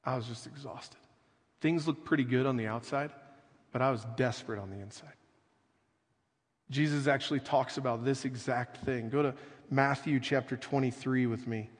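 A man preaching a sermon as pastor, speaking slowly and earnestly, often dropping to a soft, quiet delivery for emphasis. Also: medium pitch, fairly even intonation, long reverb tail. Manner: slow, earnest preaching with soft dramatic drops.

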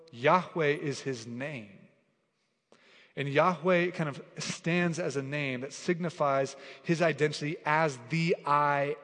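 A man preaching a sermon as pastor, earnest and conversational, often saying "like", building to emphatic repeated declarations. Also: on the high side. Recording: long hall reverb.

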